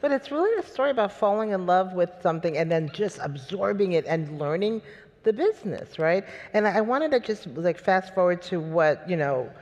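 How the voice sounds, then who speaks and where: A man's voice: sits high, expressive, moderate pace, darkish tone, long reverb tail, muffled recording. A man interviewing a guest, asking long questions with many restarts. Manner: rambling, searching questions.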